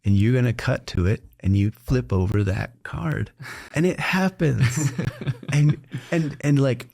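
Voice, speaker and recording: A middle-aged doctor and podcast host speaks in a mid-range, husky voice with vocal fry at a measured pace, recorded dry at studio quality. Hosting a casual interview, he's an animated storyteller who laughs a lot and acts out the voices of people he quotes.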